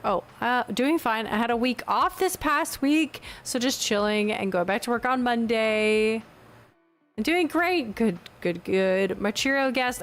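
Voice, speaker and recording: A woman streaming a video game, chatting casually with her viewers and reacting brightly to the game. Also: fairly high pitch. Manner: chatty and bubbly, reads out chat messages. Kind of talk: casual live-stream chat.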